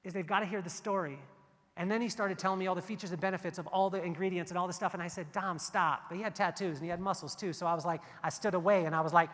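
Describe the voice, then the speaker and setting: A man giving a motivational keynote speech, telling stories in an animated way and acting out the dialogue. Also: high voice, very fast, long reverb tail. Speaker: keynote speaker. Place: large event hall.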